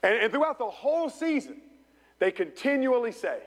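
A man preaching a sermon as pastor in a church, building to passionate peaks and dropping to hushed storytelling. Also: very high voice, big pitch swings, moderate pace. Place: church sanctuary. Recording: long church reverb.

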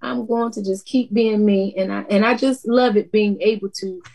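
A woman's voice: mid-range voice, fairly even intonation, moderate pace, vocal fry, warm tone, breathy edge. A woman, a TV news anchor, chatting in an interview in a down-to-earth way and laughing often. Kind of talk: casual interview chat.

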